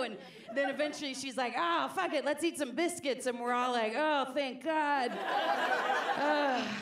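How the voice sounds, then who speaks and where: A woman comedian in her forties telling self-deprecating stories on stage, acting out the quotes. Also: on the high side. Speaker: stand-up comedian. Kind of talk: stand-up comedy storytelling. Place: comedy stage before a live audience. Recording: live audience laughter behind.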